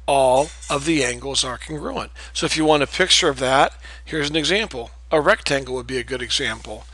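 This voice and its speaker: A man's voice: mid-range voice, a little fast, pushed and bright, no echo, low-quality recording. Patient man teaching geometry. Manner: patient, repeats key terms, checks in with "okay?". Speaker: math teacher. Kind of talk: recorded classroom lecture.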